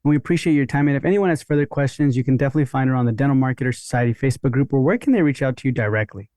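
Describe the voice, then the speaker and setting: Mellow-voiced male podcast host. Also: mid-range voice, very fast, no echo, clean studio sound. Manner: relaxed, conversational questioning. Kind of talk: podcast interview.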